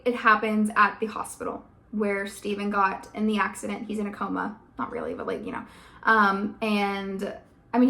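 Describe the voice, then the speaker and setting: A woman's voice: mid-range voice, fairly bright tone. A woman vlogger giving casual, opinionated commentary, ranting emphatically with lots of "like" and "okay?". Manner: emphatic, rants with many "like" and "okay?". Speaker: vlogger reviewing a TV adaptation.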